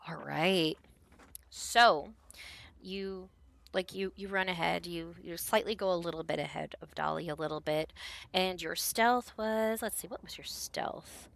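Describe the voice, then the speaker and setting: A woman's voice: on the low side, a little slow, gravelly, fairly bright tone. A woman narrating a tabletop game as game master in a casual, rambling way. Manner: casual, lots of fillers.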